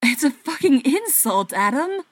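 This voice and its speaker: A touchy, wounded young man who bristles and snaps, as a woman reading the story puts him on. His voice climbs and gets loud when his temper breaks. The recording is dry and close. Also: mid-range voice, unhurried, no echo, lightly acted. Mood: angry. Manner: loud and snapping, voice rising when angry. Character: hot-tempered young man, hurt and defensive.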